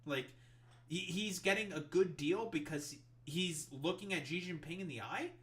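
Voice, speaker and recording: A man's voice: a little high, normal speed, a bit bright. A streamer man in a profane political rant, reading news aloud and mocking it with exasperation. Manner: exasperated, swears constantly, reads articles aloud then mocks them.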